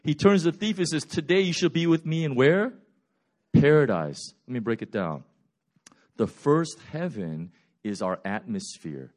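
Animated male preacher telling stories. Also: a little high. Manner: animated storytelling, acts out biblical characters' voices; swings from loud and fast to quiet and slow. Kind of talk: sermon.

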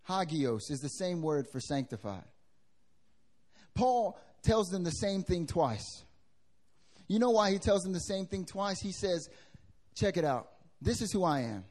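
A young pastor delivers a sermon to the congregation in a church hall, his voice fairly high. His preaching is lively, swinging widely in pitch and loudness between loud bursts and soft asides, and he slips into casual slang as he addresses the people.

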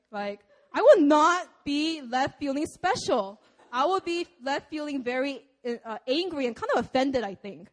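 A woman's voice: sits high, animated, moderate pace. A young woman preaching a sermon in a casual, conversational way, laughing often.

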